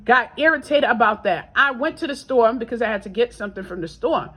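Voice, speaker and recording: A woman vlogging a casual faith testimony, chatty and repetitive, swinging between hushed prayer and raised exclamations. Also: on the high side, brisk, slightly rough, rough recording. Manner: chatty and repetitive, with laughs and asides.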